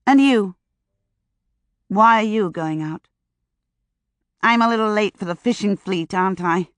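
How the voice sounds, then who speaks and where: A woman's voice: medium pitch, unhurried, smooth, dry recording, lightly acted. Woman doing a gushing young American flapper. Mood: chatty. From Chicago. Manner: gushing, eager and brash. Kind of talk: audiobook character voice.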